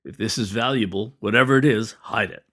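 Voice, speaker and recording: A man's voice: brisk, pushed and bright. A man voicing a blunt, teasing male cannery worker who talks in curt, grunting bursts. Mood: gruff. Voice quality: grunting, rumbling. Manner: curt, short sentences.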